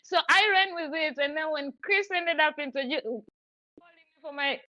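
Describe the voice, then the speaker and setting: A woman's voice: high-pitched, moderate pace, sharp tone, no echo, dull audio. A woman hosting a podcast, chatting effusively in long run-on stretches. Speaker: podcast host. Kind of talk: casual chat.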